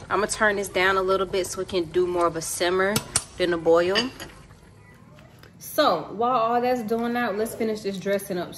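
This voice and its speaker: A woman in her thirties, a cooking vlogger, chats casually and directly to her viewers while cooking in her home kitchen. Her voice is mid-range with a fairly bright tone. The kitchen sounds echoey, with faint room noise in the background.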